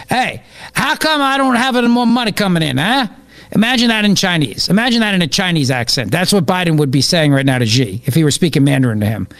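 A man's voice: on the high side, fairly bright tone. A man hosting a political talk radio show, riffing sarcastically on the news.

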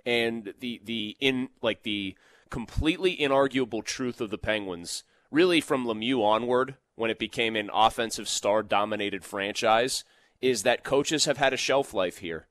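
An argumentative man on a sports talk show, pushing back hard and growing animated as he makes his case. His pitch is medium for a man. The recording is dry, with no room sound. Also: normal speed, dry recording. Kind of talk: casual sports debate.

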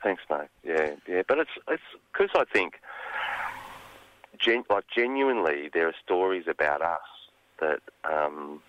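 A man's voice: deep voice, lively intonation, lo-fi sound. An Australian man from the country, a songwriter speaking thoughtfully in a radio interview, with frequent restarts. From Gippsland, Australia. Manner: thoughtful, halting with many restarts. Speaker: songwriter guest.

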